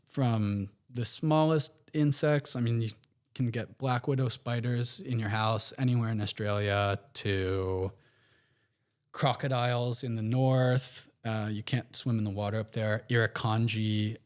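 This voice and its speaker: An American man, a podcast guest, telling stories in a relaxed, rambling way with plenty of fillers and restarts. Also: medium pitch, a little slow, clear, resonant tone. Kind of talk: casual interview storytelling.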